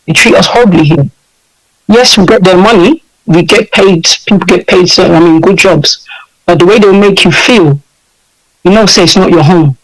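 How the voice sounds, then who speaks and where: Interview guest: English-accented man, high voice, emphatic and animated, hammers his points home. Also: moderate pace, rough recording. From United Kingdom. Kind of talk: impassioned interview talk.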